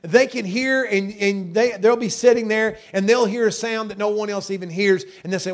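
US male pastor, high-pitched, folksy sermon delivery, repeats himself and says hallelujah often. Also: fast, few pauses. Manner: folksy, repetitive, with frequent hallelujahs and amens.

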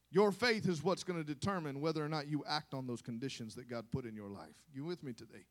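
Preaching to his congregation, this man speaks fast in a slightly high voice with few pauses. He swings from quiet asides into impassioned shouting, urging the listeners to respond.

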